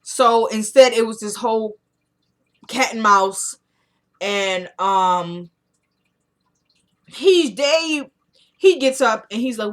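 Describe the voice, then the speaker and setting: A woman's voice: on the high side, animated, takes it slowly, pauses often. A woman casually recapping a TV drama episode, animatedly acting out the characters' lines as she tells it. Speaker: TV episode reviewer.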